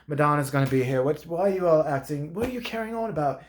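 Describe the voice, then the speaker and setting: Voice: mid-range voice, lively intonation, quick pace, a little hiss or hum, close to an everyday voice. A comedian voicing a stiff, matter-of-fact male European TV host making dry announcements. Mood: deadpan.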